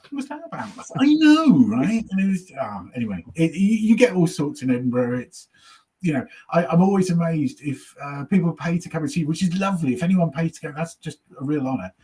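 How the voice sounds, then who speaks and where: A man's voice: fairly high pitch, expressive, brisk, warm tone, slightly rough. A man, a comedian, telling anecdotes in casual chat, swearing freely and acting out what other people said. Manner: chatty storyteller, swears, acts out audience voices. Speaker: comedian guest.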